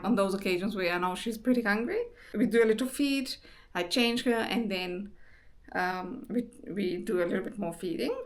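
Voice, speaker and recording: Chatty young woman vlogging. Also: mid-range voice. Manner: chatty, many fillers and restarts. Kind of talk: casual chat.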